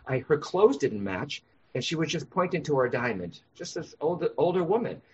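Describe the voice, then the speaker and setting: A man, a psychic medium guest on a podcast interview, telling lively stories and explaining his work. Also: on the high side, normal speed, slightly rough. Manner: animated, acts out voices in anecdotes. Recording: dull lo-fi sound.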